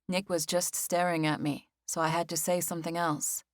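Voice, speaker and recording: A woman reading a first-person novel as an audiobook narrator, with measured, even storytelling. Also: fairly low pitch, no room sound, studio quality.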